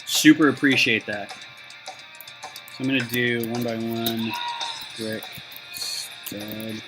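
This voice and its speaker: Male streamer, mid-pitch, loose rambling chat to viewers, music under it. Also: steady tone, slow, low-quality recording. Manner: rambling, chatty, talks to viewers while building. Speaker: Lego designer live-streaming. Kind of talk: casual live stream chat. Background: background music.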